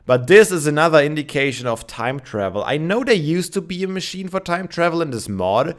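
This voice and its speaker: Fairly quick and expressive, his slightly high voice carries the sleepiness of morning. He is a young Minecraft let's player chatting casually over gameplay and musing aloud with plenty of fillers.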